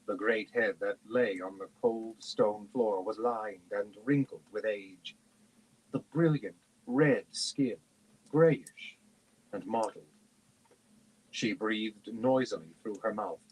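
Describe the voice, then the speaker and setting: A man reads a fantasy novel aloud at a steady, measured pace. His voice sits fairly low and sounds husky. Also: low-quality recording. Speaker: reader.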